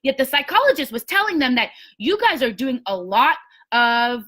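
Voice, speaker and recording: Woman, high-pitched, motivational pep talk, emphatic and blunt, sales team coach. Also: sing-song, normal speed, a bit bright.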